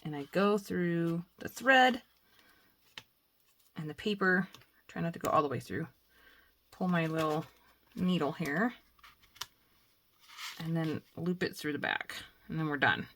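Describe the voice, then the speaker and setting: A woman talking casually as she works through a crafting tutorial, chatting to herself and bursting into excitement now and then. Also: sits low, a little slow, long pauses, slight background noise. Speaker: crafting vlogger.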